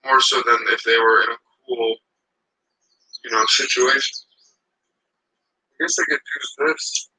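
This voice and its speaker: A man's voice: mid-range voice, steady tone, measured pace, pauses often, sharp tone, husky, poor audio. A man ranting casually to camera outdoors. He swears a lot and rambles heatedly.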